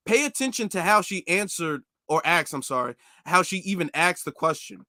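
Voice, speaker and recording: A man's voice: high-pitched, expressive, moderate pace, pushed and bright, no room sound, clean studio sound. A man hosting a commentary show, reacting casually and emphatically, repeating his points. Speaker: commentary channel host.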